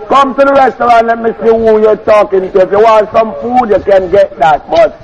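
A man's voice: sits high, fairly even intonation, brisk. A man working at a restaurant answers a call and speaks bluntly and firmly, cursing back at the caller. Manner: firm, blunt, curses back. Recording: dull phone line.

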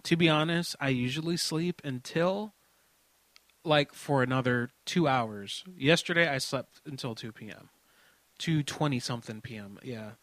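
A man's voice: mid-range voice, moderate pace, a bit bright, dry recording. A man rambling casually about his night and prank calls, talkative and crude, laughing often. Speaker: prank call show host.

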